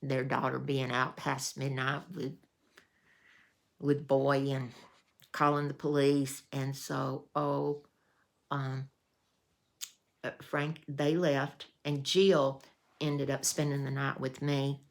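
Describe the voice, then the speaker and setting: A woman's voice: very deep voice, flat delivery, slow, vocal fry, pauses often. A woman, telling a story in a folksy, meandering way as a vlogger. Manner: folksy, meandering with restarts and fillers. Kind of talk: casual storytelling.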